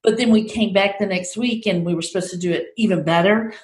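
A woman's voice: medium pitch, quick pace. Woman host in an echoey room. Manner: talkative, laughing storyteller. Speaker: podcast co-host. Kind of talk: casual podcast chat. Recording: roomy echo.

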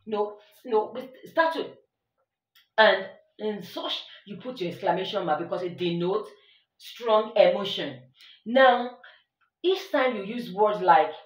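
A woman's voice: medium pitch, lively intonation, measured pace. Woman English teacher, emphatic classroom delivery, distant mic in a reverberant room. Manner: emphatic, repeats examples, checks understanding with the listener. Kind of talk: classroom-style grammar lesson. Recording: echoey room, voice a bit far from the mic.

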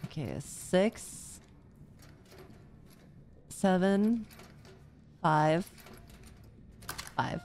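A woman streamer chatting playfully and excitably while commenting on her gameplay. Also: lowish voice, slow, pauses often, faint music behind.

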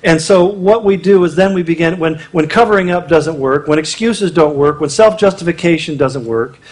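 High-voiced man preaching casually. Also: moderate pace. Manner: conversational and humorous, acting out quotes. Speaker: conference speaker. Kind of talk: marriage conference sermon.

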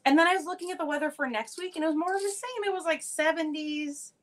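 Speaking fast in a high-pitched voice, a cheerful, talkative woman runs a live jewelry sale on stream. She displays items and welcomes viewers by name in relaxed live-sale chatter.

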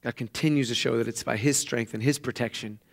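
A male pastor giving a lively sermon, retelling a story and acting out the voices of its people. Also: fairly quick, vocal fry. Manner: animated storytelling, acting out quoted voices with raised pitch. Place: church.

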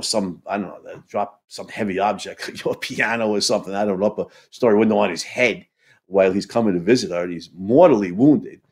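A man in a podcast conversation, retelling a play emotionally, halting and restarting often. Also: on the low side. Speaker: podcast co-host.

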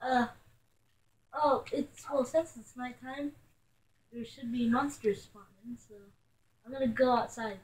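A high-pitched woman plays through a goofy game role-play, teasing her partner and breaking into shouts. Her voice bounces around a roomy, echoey space, and her delivery stays loose and improvised. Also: steady tone, a little slow, long pauses. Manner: teasing, bickering, bursts of yelling and laughter.

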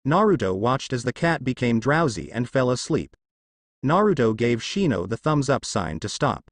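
A man narrates a fan story in a steady storytelling way, his voice at a middle pitch that moves up and down a great deal. The sound is close and dry, with no room around it. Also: normal speed, no echo. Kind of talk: reading a fan story aloud.

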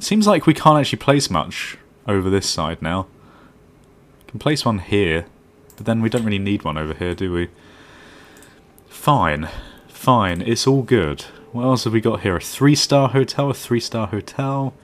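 A man on the low side, with lively intonation, normal speed and a fairly bright tone, gives laid-back let's-play commentary. He thinks out loud and ribs himself while faint music plays behind him.

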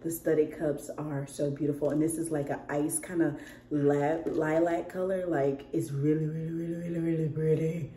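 At home indoors, a young woman who is sick and losing her voice vlogs to camera, chatting casually and laughing often as she talks straight to her viewers. Her voice is low and warm, with little pitch movement, at normal speed.

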